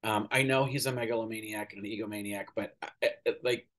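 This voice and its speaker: A man giving casual, opinionated political commentary as a podcast host, pausing often with fillers and swearing now and then. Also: fairly low pitch, steady tone, a bit bright. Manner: opinionated, hesitant with many ums, swears casually.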